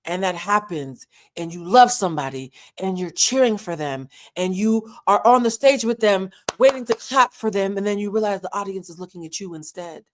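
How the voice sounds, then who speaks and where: A woman commenting on a reality show in a candid, emotional way, with dramatic pauses and moments of being moved. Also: mid-range voice, lively intonation.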